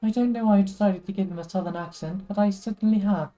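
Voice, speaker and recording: A woman's voice: medium pitch, quick pace, warm tone, soft background music. A woman streaming a game, casually narrating her moves and commenting as she plays. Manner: chatty, self-narrating.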